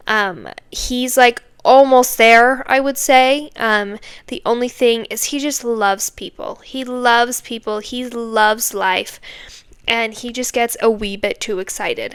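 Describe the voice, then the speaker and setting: A woman's voice: fairly high pitch, fairly bright tone, clear, resonant tone, dry recording. A woman hosting her own podcast, ranting off the cuff in a candid, self-deprecating way and rambling through lots of filler words. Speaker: podcast host. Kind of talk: unscripted casual rant.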